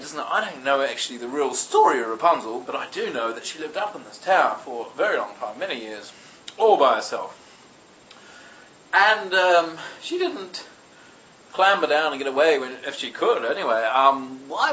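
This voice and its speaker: A man's voice: fairly high pitch, sharp tone, poor audio. A man telling a comedic story in a meandering way, full of ums and asides. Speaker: comic storyteller.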